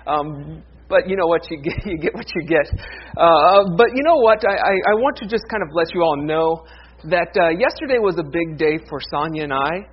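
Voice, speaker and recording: A man's voice: fairly high pitch, animated, normal speed, breathy edge, lo-fi sound. A man in his thirties, a pastor giving a casual, self-deprecating sermon that opens with a folksy joke.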